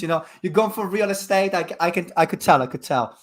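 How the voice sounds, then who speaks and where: A man on a headset making sales calls and joking with a co-host, quick and self-mocking. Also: high voice. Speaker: sales trainer cold calling on a stream. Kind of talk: casual banter and sales calls.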